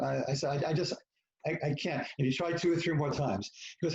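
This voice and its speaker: A man's voice: a little high, very animated, fast, a little mellow, roomy sound, dull audio, slight background noise. A man talking as a podcast guest, telling a personal story frankly and with profanity, acting out what people said and poking fun at himself. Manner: frank, profane, self-mocking, acts out quoted lines. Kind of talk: candid storytelling in conversation.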